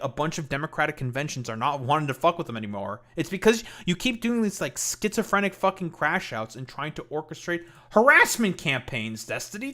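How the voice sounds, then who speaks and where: A man's voice: a little high, fairly bright tone. A man hosting a live stream, reacting to a clip with mocking, heated commentary full of swearing. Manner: mocking, heated, profane, with laughs. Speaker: streamer host.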